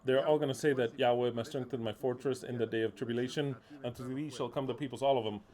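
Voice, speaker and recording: A man delivering a sermon with a medium-pitched voice. He talks emphatically and bluntly. He repeats his key words and swears now and then. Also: fairly even intonation, fast, a little mellow. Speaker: preacher.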